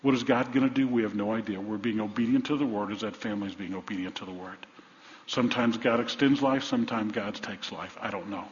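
A man's voice: fairly low pitch, fast. A middle-aged man preaching a sermon, telling stories and repeating key lines for emphasis. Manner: storytelling, emphatic repetition. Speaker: pastor. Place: large church sanctuary. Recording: dull church recording with long reverb.

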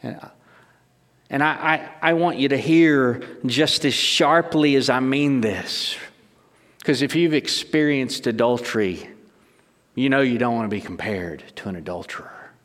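A man's voice: medium pitch, a little slow, a bit bright. A middle-aged man preaching a sermon in an ordinary mid-range voice. He talks emphatically, restarts his sentences and throws rhetorical questions at his listeners. His words echo with the long reverb of a large hall. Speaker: pastor.

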